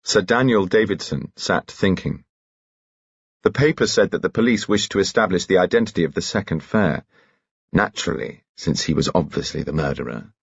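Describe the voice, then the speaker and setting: A man narrating a detective novel in a measured, crisp reading. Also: deep voice, no room sound, lo-fi sound. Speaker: audiobook narrator. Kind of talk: scripted narration.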